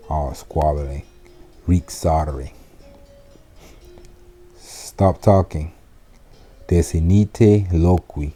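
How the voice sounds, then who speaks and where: Man, deep low voice, very slow, dark mellow tone, deliberate phrase-by-phrase teaching. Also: faint music behind. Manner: slow, deliberate, gives each phrase in English then Latin. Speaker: Latin teacher. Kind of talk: slow classroom phrase lesson.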